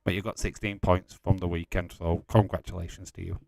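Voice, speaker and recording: Low-pitched and a little mellow, with vocal fry and a flat, fairly quick delivery, this male host is recorded dry. In casual live commentary, he chats with and teases viewers, reads their messages, calls out match updates, and curses often.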